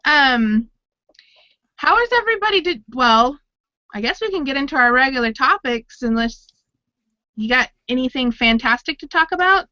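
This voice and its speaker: A talkative woman hosts a casual chat over an online call, laughing between lines. Her voice is bright and a little high. The sound is dry and somewhat dull, like call audio. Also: expressive, moderate pace, dry recording. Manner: chatty and laughing often. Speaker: podcast host.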